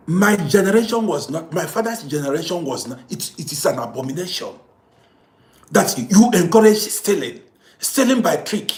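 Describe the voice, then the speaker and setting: A man's voice: sits high, big pitch swings, moderate pace, echoey room. A man giving a preachy, scolding moral monologue to camera as a social commentator.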